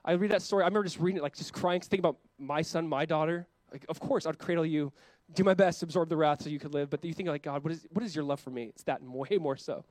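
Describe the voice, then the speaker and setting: A young adult pastor delivers an impassioned sermon, frequently slipping into quick quoted asides in God's voice. His pitch is fairly high and his tone darkish, and the recording is dry.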